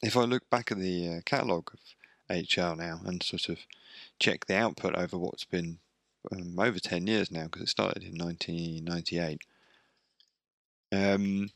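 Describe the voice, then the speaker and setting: A man hosts a radio show in a deep, low voice. He rambles casually and pokes fun at himself, with plenty of fillers. The studio sound is dry and close, with no room echo. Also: fairly even intonation, normal speed, vocal fry, a bit bright. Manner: rambling, self-deprecating, many fillers.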